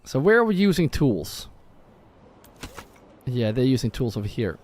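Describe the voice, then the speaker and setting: A man's voice: mid-range voice, very animated, measured pace, darkish tone, dry recording. A man casually commenting on his own gameplay on a live stream, thinking aloud and often correcting himself. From Norway. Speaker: gaming streamer. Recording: faint background music.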